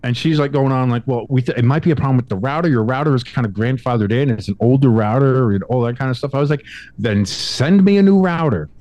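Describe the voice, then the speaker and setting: A young man co-hosting a sports podcast, telling a story in casual chat, acting out quotes with big swings in pitch and some swearing. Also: fast talker, few pauses, darkish tone, no room sound. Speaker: podcast co-host.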